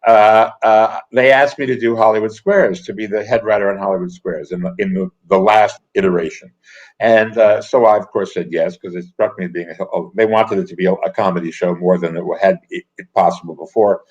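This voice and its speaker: An older man, a comedy writer and actor, chatting casually as an interview guest and telling wry anecdotes with quick asides. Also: on the low side, steady tone. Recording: dull lo-fi audio.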